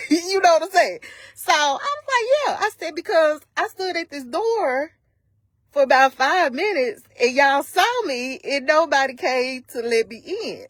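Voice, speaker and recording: Woman, live-stream vlogger, casual storytelling, emphatic, acts out dialogue, higher voice, dry close sound. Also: a bit bright, no echo. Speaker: vlogger retelling a personal incident. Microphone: phone on a live stream.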